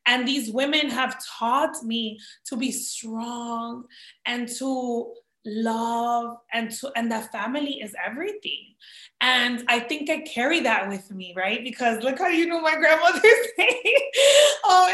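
A woman's voice: high-pitched, measured pace, bright, forceful tone. A woman in her thirties, an actress, talking earnestly as an interview guest and slipping in Spanish words. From Dominican family in the United States. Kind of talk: emotional personal interview talk. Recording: echoey room.

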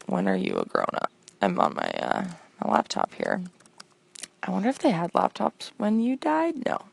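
A woman's voice: mid-range voice, huge pitch swings, normal speed, vocal fry. A young woman hosting a show, rambling through a comic voicemail in a chatty, self-deprecating way. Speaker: podcast host.

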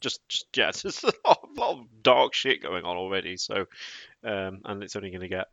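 A man's voice: low voice, big pitch swings, fairly quick, vocal fry, fairly bright tone, dry recording. A man co-hosting a podcast in casual chat, blunt and sardonic, swearing freely. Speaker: podcast co-host.

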